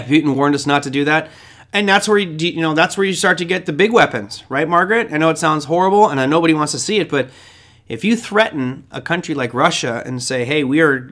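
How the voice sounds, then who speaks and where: Man, trading show host, casual commentary, rambling storyteller, slightly higher pitch. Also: fairly bright tone.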